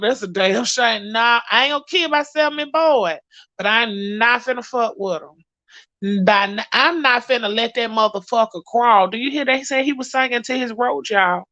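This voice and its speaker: A sassy woman with dishes gossip to her viewers, profane and animated. Her voice is bright and forceful, sitting a little high, and it comes across dry and close with no room sound. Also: no echo. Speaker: gossip vlogger. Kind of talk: casual commentary to viewers.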